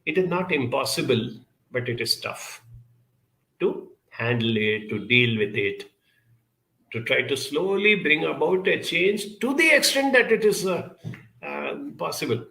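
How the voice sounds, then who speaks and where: At a live talk on emotional intelligence, a man with a gravelly, slightly high voice answers audience questions in a room with a noticeable echo. He is very animated with a sharp tone, yet his delivery stays measured and emphatic, with frequent "uh" fillers.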